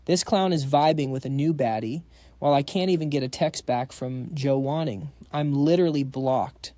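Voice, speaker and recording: A man's voice: mid-range voice, normal speed, mellow, no echo, clean studio sound, close to an everyday voice. A man voicing a jealous, scheming young man, a petty rival with a whiny, spiteful way of talking.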